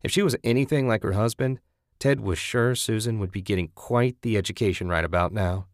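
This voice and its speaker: A man narrating a novel as an audiobook reader in a measured, even delivery. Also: fairly low pitch, dry recording, studio quality.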